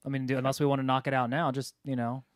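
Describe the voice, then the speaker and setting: A man's voice: mid-range voice, little pitch movement, rapid-fire, no echo. Man, host, casual chat, easygoing, steers the talk, dry sound. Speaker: podcast host.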